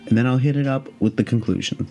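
A man in his late twenties hosting a podcast, telling a story in a casual, rambling way, profane and animated. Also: mid-range voice, fast talker, highs cut off, soft background music. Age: late 20s. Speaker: podcast host.

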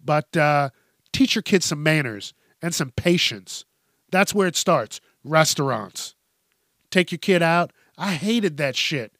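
A man's voice: a little high, expressive, slow pace, fairly bright tone, no room sound, studio quality. A young man, a podcast host, delivering an exasperated, profanity-heavy comedic rant about working in restaurants. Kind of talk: ranting comedic monologue.

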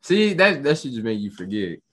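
A young man co-hosting a casual podcast, excitable and slangy as he reacts to a show. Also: medium pitch, brisk. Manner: excitable, slangy, rises sharply when enthused. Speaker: podcast co-host. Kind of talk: casual podcast recap chat.

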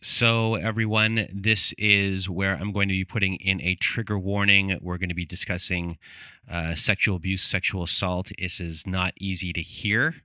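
Lower-voiced man hosting, measured. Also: flat delivery, sharp tone, no room sound, clean studio sound. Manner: measured, with hesitant fillers. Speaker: podcast host. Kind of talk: interview questions.

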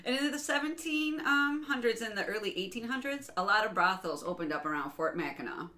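A woman's voice: medium pitch, animated, sharp tone. Giggly rambling woman podcast host. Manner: giggly, rambling, quick to laugh. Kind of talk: casual podcast chat.

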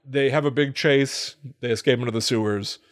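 A man's voice: medium pitch, normal speed. A man hosting a podcast, casually retelling a film plot with amused laughs. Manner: amused storytelling with frequent laughs. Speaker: podcast host.

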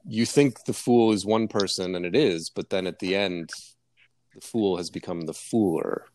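A man co-hosting a casual music podcast, explaining his views in a measured, hesitant way. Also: low voice, a little mellow. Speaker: podcast co-host.

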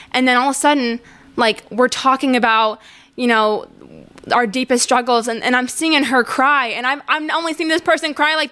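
A woman's voice: sits high, pushed and bright. A woman in her twenties hosting a podcast, talking in a rambling, candid monologue full of "like". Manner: rambling and candid, heavy use of "like". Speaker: podcast host. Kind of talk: casual monologue.

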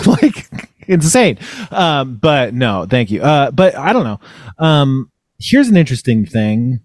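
Deadpan man hosting a comedy podcast. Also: fairly high pitch, unhurried, dry recording, clean studio sound. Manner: deadpan, self-mocking and rambling. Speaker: podcast host. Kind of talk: casual comedic podcast chat.

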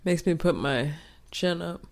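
A woman's voice: on the low side, measured pace, heavy background noise. A woman co-hosting a comedy podcast, laughing and swearing as she flubs her lines. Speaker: podcast co-host reading spoof lines. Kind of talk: casual blooper banter.

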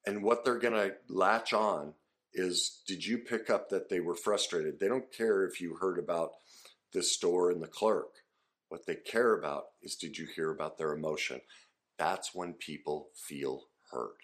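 Deep-voiced man teaching listening skills. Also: a little slow, a bit bright. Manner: earnest, conversational, with fillers and restarts. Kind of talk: casual instructional talk to camera.

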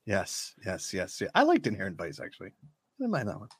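A man's voice: deep voice, breathy edge, no room sound, studio quality. A man playing a music trivia game on a podcast, blurting answers and joking around with the host. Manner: animated, jokey, quick to blurt answers. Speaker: game show contestant. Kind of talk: casual podcast game banter.

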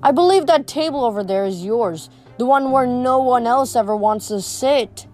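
A woman's voice: fairly high pitch, animated, normal speed, darkish tone, faint music behind, close to an everyday voice. Woman voicing a bored, mocking male god in a storybook reading, dripping false sympathy. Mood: dismissive.

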